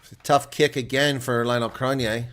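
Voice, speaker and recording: A man giving live play-by-play rugby commentary as a solo reaction streamer, talking casually and getting louder and more worked up when attacks build near the try line. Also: mid-range voice, normal speed, clear, resonant tone. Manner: excitable, rising to near shouting on attacking plays.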